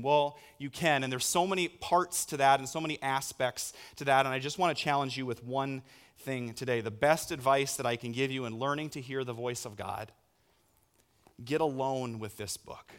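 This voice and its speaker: A man in his thirties preaching a sermon as a pastor, telling stories with sudden loud bursts. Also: medium pitch, moderate pace, clear, resonant tone.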